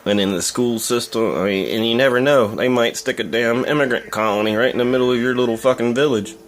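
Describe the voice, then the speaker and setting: A man's voice: mid-range voice, fast talker. A young man talking in a casual, profane, rambling rant as a vlogger. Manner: profane, blunt, rambling with fillers. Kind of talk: casual ranting monologue.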